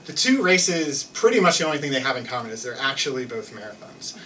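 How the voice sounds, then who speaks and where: A man's voice: mid-range voice, very animated, quick pace, sharp tone, far from the mic, slight background noise, poor audio. A young man telling a personal story on stage in a loose, self-mocking way, full of restarts and fillers. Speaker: live storyteller. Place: theater stage with an audience.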